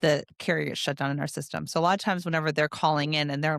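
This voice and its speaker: A woman hosts a podcast in a chatty, quick manner, with many fillers and short agreeing replies. Her voice sits low, and the sound is dry and close. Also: steady tone, vocal fry, fairly bright tone, no echo. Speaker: podcast host. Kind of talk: casual podcast chat.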